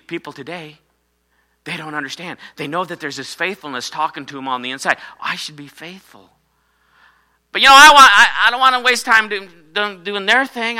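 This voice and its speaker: Forceful, bright-voiced male preacher. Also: high-pitched. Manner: emphatic, repetitive preaching with call-and-response. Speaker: pastor. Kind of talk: sermon.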